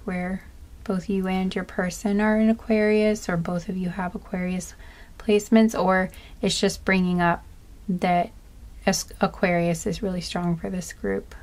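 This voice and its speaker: A woman doing a slow, soft-spoken pick-a-card reading, listing charms one by one with small asides. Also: medium pitch. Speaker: tarot card reader.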